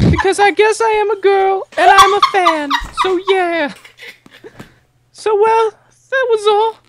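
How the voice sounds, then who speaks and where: A man reading out a listener's letter as a giddy young female fan, in a squeaky high put-on voice. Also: slow, very noisy.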